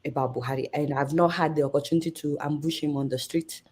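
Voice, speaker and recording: A Nigerian woman journalist in her thirties, an interview guest telling a story with lively energy and acting out the voices in it. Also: low-pitched, fast, breathy edge.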